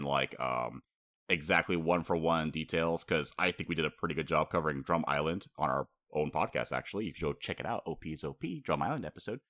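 A man's voice: extremely low pitch, a bit bright, no room sound, clean studio sound. A man co-hosting a podcast in casual chat, rambling and chatty, often laughing as he talks. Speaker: podcast co-host.

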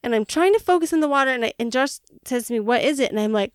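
A woman co-hosting a podcast, telling a story in animated fashion, laughing and acting out her own panic. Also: sits high, quick pace, no room sound, clean studio sound. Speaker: podcast co-host. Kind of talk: casual storytelling chat.

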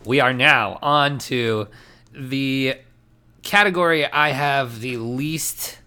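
A man hosts a podcast with a bright, clear tone and an unhurried delivery. He jokes at his own expense in a loose, chatty style. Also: mid-range voice. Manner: self-deprecating, laughing often. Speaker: podcast host. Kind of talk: casual podcast chat.

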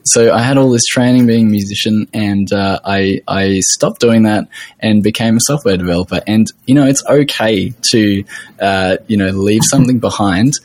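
Brief male podcast host, lowish voice, stammers and restarts, encouraging. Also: normal speed, darkish tone. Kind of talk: casual interview talk.

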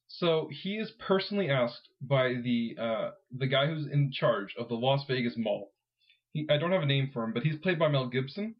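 Guy rambling on a podcast, mid pitch, cuts himself off a lot, kinda muffled lo-fi sound. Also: expressive, moderate pace. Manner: rambling, self-interrupting, laughs often. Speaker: podcast co-host. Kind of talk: casual podcast chat.

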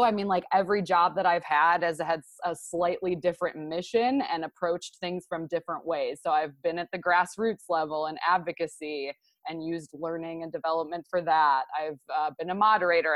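A woman's voice: lowish voice, brisk, no room sound. A woman co-hosting a podcast, talking casually and chattily with frequent fillers. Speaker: podcast co-host.

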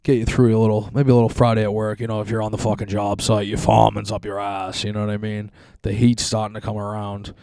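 Speaking quickly in a lowish, flat, mellow voice with vocal fry, a young man hosts a podcast and casually rants, full of profanity, laughter and rambling gripes. It's clean studio audio with no room sound.

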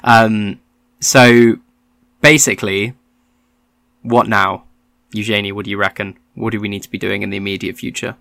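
A man's voice: fairly low pitch, fairly even intonation, normal speed, gravelly, pauses often, a bit bright, no room sound. A man hosting a political podcast, chatty and lightly ironic. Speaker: podcast host. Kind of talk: casual political chat.

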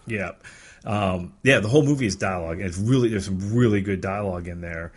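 A man's voice: low-pitched, a little fast, husky. A man from Erie, Pennsylvania, chatting casually as a podcast co-host, meandering and searching for his words. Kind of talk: casual chat about movies.

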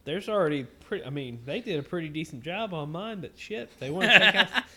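A man's voice: on the high side, animated, fairly quick, bright, forceful tone. A man co-hosting a casual podcast, talking in crude banter full of swearing, "like" and "uh.". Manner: heavy swearing, many fillers and restarts. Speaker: podcast co-host.

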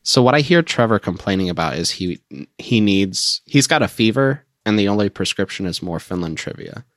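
Very deep voiced dude on a podcast, joking around, trips over words, dry mic. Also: male voice, animated, brisk, a bit bright, no room sound. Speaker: podcast co-host. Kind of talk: casual chat.

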